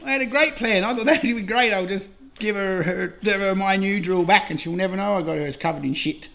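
A middle-aged Australian man hosting a beekeeping vlog, chatting casually in a jokey, excitable way and swearing freely. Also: high voice, brisk, creaky. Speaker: beekeeper host.

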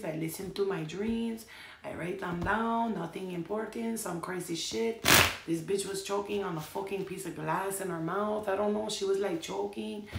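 A woman's voice: on the low side, gravelly. A young woman reading tarot on a casual stream, talking in a rambling, profane, chatty way. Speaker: tarot reader. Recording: echoey room with faint noise.

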